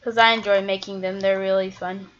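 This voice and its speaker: A woman talks through her game in a loose, chatty way, thinking aloud and letting sentences trail off as she goes. Her voice sits at an ordinary pitch for a woman. It comes through a dull, lo-fi mic. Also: flat delivery, brisk. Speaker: gaming video creator. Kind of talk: casual gameplay commentary.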